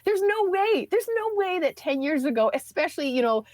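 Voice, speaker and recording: A woman's voice: very high-pitched, very animated, fairly quick, a little mellow, dry recording. A woman in her thirties, a podcast guest telling a personal story in a chatty way, full of fillers and restarts.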